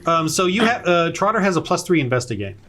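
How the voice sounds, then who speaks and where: A man runs a tabletop game over a voice call. His voice sits a touch high, and he talks in a relaxed, halting way, stopping often to fill gaps. A faint hiss runs under the call. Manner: relaxed, hesitant with fillers. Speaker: game master. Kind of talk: running a tabletop game online.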